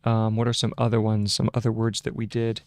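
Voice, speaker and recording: A man's voice: fairly low pitch, completely flat delivery, darkish tone, no room sound. A man hosting a casual shorthand tutorial, thinking aloud at his desk into a close microphone, with frequent fillers and restarts. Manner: slow, halting, with many fillers and restarts. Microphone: close desk microphone with a mute button.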